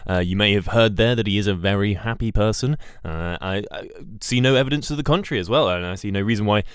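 A man's voice: lowish voice, quick pace, clear, resonant tone, no echo. Rambling, hesitant man, dry close sound. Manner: rambling, hesitant, self-deprecating. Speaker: podcast host. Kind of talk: comedic podcast chat.

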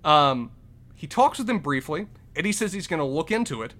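A man's voice: a little high, big pitch swings, fairly quick, a bit bright. A man co-hosting a casual film review podcast, talking in long, detailed run-on points. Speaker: podcast co-host.

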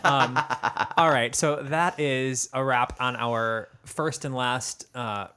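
A man's voice: medium pitch, fairly even intonation, slow pace, bright, forceful tone, smooth. A man co-hosting a podcast, chatting casually and laughing often as he reads listener messages. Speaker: podcast co-host. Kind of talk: casual chat.

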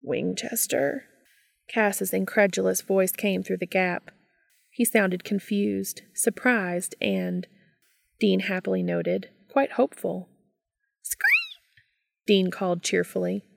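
Gravelly-voiced woman reading a story. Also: mid-range voice, a little slow, a little hiss or hum. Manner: calm, steady storytelling. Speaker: fan fiction reader. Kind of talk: scripted narration.

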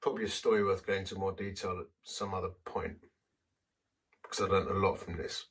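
Man, husky low voice, sermon, heard from off-mic, self-deprecating storyteller. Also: fairly even intonation, fairly quick, recorded from a distance, rough recording. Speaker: preacher. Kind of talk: sermon with personal testimony.

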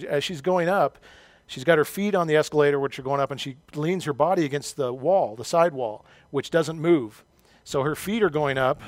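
A man's voice: on the high side, no room sound. A middle-aged male pastor preaching a sermon, telling a personal story with self-deprecating humor.

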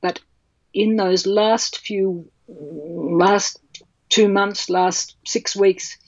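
A woman's voice: medium pitch, fairly even intonation, drawn-out words, a little mellow, no echo, dull audio. A woman, speaking passionately and bluntly as a childbirth educator in an interview. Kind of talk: podcast interview.

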